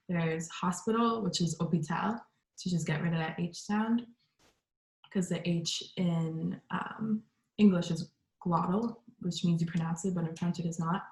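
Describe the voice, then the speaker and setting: Woman doing a class presentation, kinda low voice, lots of ums, echoey room. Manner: relaxed, with many ums and likes. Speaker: student presenter.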